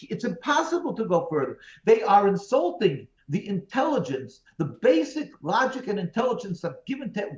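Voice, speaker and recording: A man, a rabbi as interview guest, giving emphatic, pleading answers full of repeated phrases over a video call. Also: high voice. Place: remote call from home. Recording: roomy, dull video-call audio.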